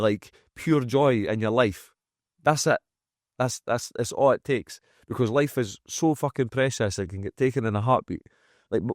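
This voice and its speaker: A man's voice: medium pitch, dry recording. Frank Scottish man, swearing freely. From Scotland. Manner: frank and emphatic, swears freely, acts out quotes. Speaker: guest, fitness coach and gym owner. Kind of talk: candid podcast conversation. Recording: dry close-miked studio sound.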